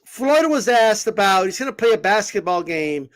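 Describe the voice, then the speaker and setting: A man talking boxing in a casual vlog, animated and swearing, rambling with lots of fillers. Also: high-pitched, normal speed. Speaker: boxing commentator.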